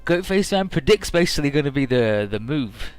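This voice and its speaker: A man's voice: on the high side, animated, a little fast, smooth, faint music behind. A man hosting a let's play, giving casual, rambling game commentary with jokes and offhand swearing.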